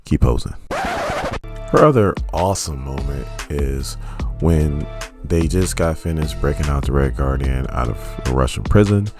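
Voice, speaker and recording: Man, extremely low voice, joking movie commentary, faint music behind. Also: normal speed. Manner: joking, animated storytelling. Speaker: YouTube movie reviewer. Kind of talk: casual video commentary.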